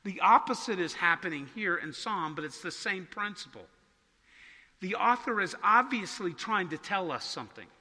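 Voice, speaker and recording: A man preaching a sermon as pastor, talking conversationally and slowing down to stress key words. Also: sits high, expressive, pushed and bright, long reverb tail. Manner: conversational preaching, slows for emphasis. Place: church sanctuary.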